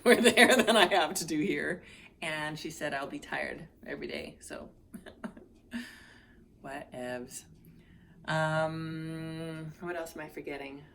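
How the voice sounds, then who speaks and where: A woman's voice: low voice, creaky, fairly bright tone, slight background noise. A middle-aged woman giving a casual, upbeat vlog update from home. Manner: chatty, upbeat, cooing baby talk to a cat. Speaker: vlogger sharing her health journey. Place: home, indoors.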